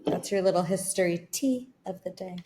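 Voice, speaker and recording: A woman's voice: fairly low pitch, normal speed, mellow. Chatty young woman rambling a story. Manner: rambling storyteller, heavy use of "like". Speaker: podcast co-host. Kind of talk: casual chat. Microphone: remote recording.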